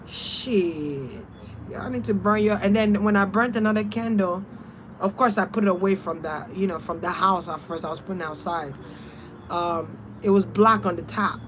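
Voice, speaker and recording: A young adult woman spiritual reader talking in a casual vlog, blunt, animated and freely profane. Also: mid-range voice, a little hiss or hum.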